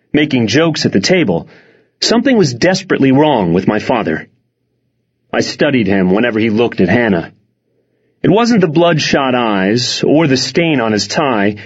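The audio is dull and lo-fi as a man narrates a first-person audiobook with a breathy edge. Wry and expressive, he lets his pitch travel widely in lively rises and falls.

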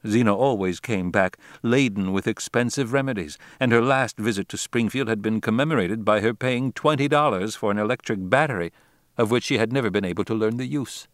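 A man narrating a classic novel as an audiobook, in a measured, deliberate reading style. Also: fairly low pitch, no echo, studio quality.

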